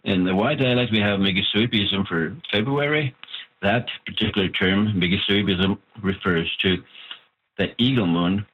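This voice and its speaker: A man explains his book over the phone in a patient, measured way, pausing often and filling gaps. His voice sits a little low and sounds husky. The line is thin and tinny, like an old phone call. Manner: measured, explanatory, with pauses and fillers. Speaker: author of a Cree language book.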